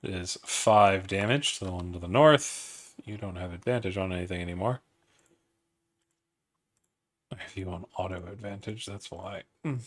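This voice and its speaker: A man as game master, narrating a tabletop battle in a measured, matter-of-fact, sometimes profane way. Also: deep voice.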